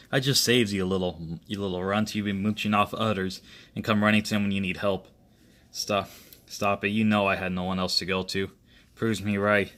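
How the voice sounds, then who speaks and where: A man with a fairly low voice tells an improvised action story. He rambles and restarts often, and voices each character's lines himself instead of reading from a polished script. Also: fairly even intonation, fairly bright tone. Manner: rambling, halting delivery with frequent restarts. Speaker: amateur storyteller.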